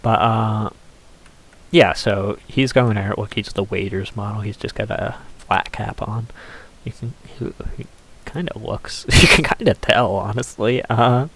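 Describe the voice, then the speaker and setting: A man's voice: on the low side, measured pace, vocal fry, fairly bright tone, slightly rough. A man giving casual, rambling commentary over a game he is playing, swearing offhandedly and using lots of fillers. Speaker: gameplay commentator.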